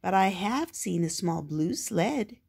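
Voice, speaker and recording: A woman voicing a boisterous young friend in a storybook, with a loud, high, bouncy voice. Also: expressive, slow, gravelly, slightly rough, full character voice. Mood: cheerful.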